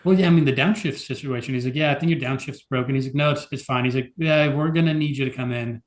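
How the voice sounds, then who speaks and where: A podcast co-host with a mid-range voice talks fast in a casual chat. His delivery is loose and full of fillers, with some exasperation coming through.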